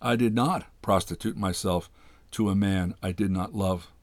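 A man voicing a proud, reserved seamstress woman with cool, measured replies in a storybook reading. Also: low voice, fairly even intonation, dry recording.

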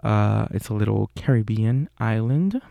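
A young man with a Puerto Rican accent hosting a podcast, talking in an unhurried, casual way with many fillers and self-corrections. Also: lowish voice, animated, gravelly, warm tone, no room sound, dull audio. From Puerto Rico. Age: young adult. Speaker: podcast host.

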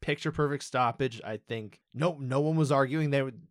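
Chatty male podcast co-host, mid pitch, dry close-miked sound, casual banter. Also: no room sound. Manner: chatty, quick asides, laughs easily. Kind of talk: casual chat.

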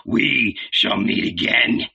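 Man reading as a sullen bandit chief, muttered threats, gravelly, dull lo-fi sound. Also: mid-range voice, slow pace, bright, forceful tone, full character voice. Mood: sullen threatening.

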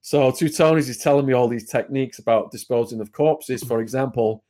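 An English man with a dark, mid-range voice speaks as an interview guest. He retells a story vividly, keeping it brisk and conversational.

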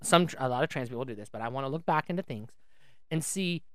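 A chatty woman co-hosting a podcast who rambles and restarts her sentences. Her voice swings widely in pitch and sounds smooth and clear. The recording is dry and close to the mic. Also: expressive, fast talker, fairly bright tone, no room sound. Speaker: podcast co-host. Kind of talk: casual podcast chat. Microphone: studio microphone.

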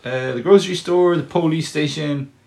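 A man's voice: a little high, normal speed, vocal fry, darkish tone. A man co-hosting a podcast, explaining a board game in rambling casual chat and swearing freely. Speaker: podcast co-host.

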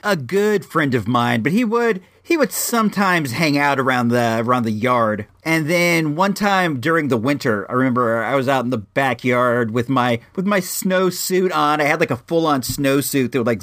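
A man's voice: mid-range voice, no echo. Man from Illinois telling a rambling story. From Illinois, USA. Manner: rambling, frequent restarts, animated. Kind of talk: casual spoken anecdote.

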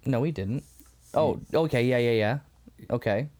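A man co-hosting a podcast in a casual chat, animated and quick to laugh as he acts out scenes. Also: mid-range voice. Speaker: podcast co-host. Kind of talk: casual episode discussion.

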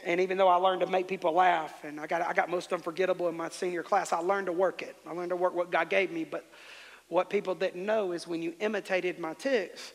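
A man's voice: high-pitched, fairly even intonation, a little fast, creaky, in a large hall. A man preaching a sermon as pastor, fervently telling the congregation how to respond. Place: church sanctuary.

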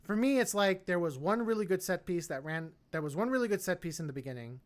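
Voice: medium pitch, animated, fast talker. A podcast co-host giving a casual, opinionated film review, rambling with lots of fillers and restarts. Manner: opinionated, blunt.

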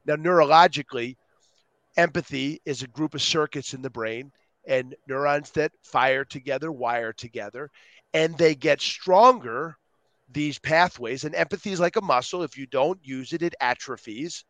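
A man on a podcast as a guest, talking with energy and acting out quotes in lively voices. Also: medium pitch, moderate pace, no echo. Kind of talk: animated interview talk.

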